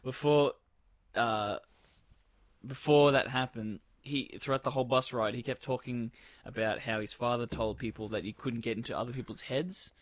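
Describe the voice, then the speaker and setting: A man's voice: mid-range voice, fairly even intonation, normal speed, no echo. A young man, co-hosting a podcast in casual chat, interjecting to add details to the story. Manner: interjecting, adds details, laid-back. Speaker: podcast co-host.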